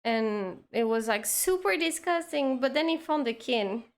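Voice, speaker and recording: Slow-talking woman telling a story. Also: high voice, lively intonation. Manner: rambling, full of "like" and restarts. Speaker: streamer. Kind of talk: casual storytelling chat.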